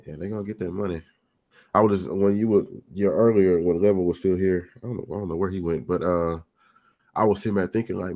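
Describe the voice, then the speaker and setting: A man with a very deep voice co-hosting a gaming podcast. He gives his opinions bluntly in casual chat. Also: steady tone, brisk, a little mellow. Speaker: podcast co-host.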